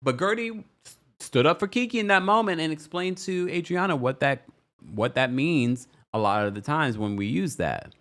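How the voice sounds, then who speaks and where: A young man hosting a casual show recap, sassy and animated, who jumps into a high voice when he quotes people. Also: moderate pace. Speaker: recap host.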